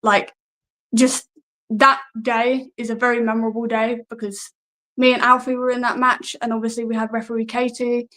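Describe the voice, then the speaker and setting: A wrestler, talking in a casual, hesitant way and often laughing at herself. Her voice sits a little high for a woman. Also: level tone, moderate pace, a bit bright, poor audio. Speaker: guest wrestler. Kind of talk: casual interview answers.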